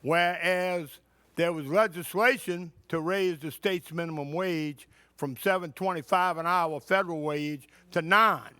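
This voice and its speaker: Indignant high-voiced man at council podium. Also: steady tone, a little slow, sharp tone, clean tone, no room sound. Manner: indignant, rhetorical questioning. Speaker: public commenter at city council. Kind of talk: public comment at a council meeting. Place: council chamber.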